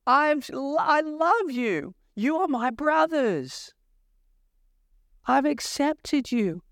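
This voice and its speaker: A man's voice: very high voice, big pitch swings, very slow, gravelly, fairly bright tone, no room sound, studio quality, pitched above the performer's own voice, heavily acted. A man preaching voices a heartbroken biblical man, pleading in wounded disbelief with his brothers.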